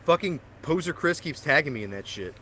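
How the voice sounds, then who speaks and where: A man's voice: a little high, lively intonation, a little fast, heavy background noise. A man co-hosting a podcast, telling rambling, profane stories and laughing often. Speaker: podcast co-host. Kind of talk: casual chat.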